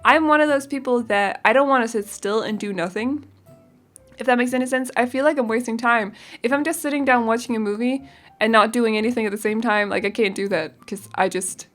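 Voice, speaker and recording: A woman's voice: fairly high pitch, brisk, a bit bright. Young woman, casual rambling voice-over, giggly, hunts for words, faint background music. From Denmark. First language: Danish. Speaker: game builder.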